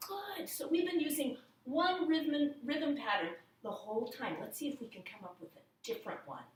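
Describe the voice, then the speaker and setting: A woman's voice: high voice, sing-song, normal speed, recorded from a distance, slight background noise. A woman teaching young children rhythm at home, chanting and counting the beats in a sing-song way. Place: at home, indoors. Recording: echoey room, voice a little off-mic.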